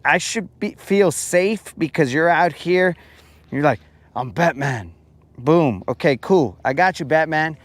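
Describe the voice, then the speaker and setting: A man's voice: a little high, unhurried, no room sound. A man hosting a fishing podcast, ranting jokingly and rambling in a casual livestream, keeps calling his listeners bro. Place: boat on a lake, outdoors.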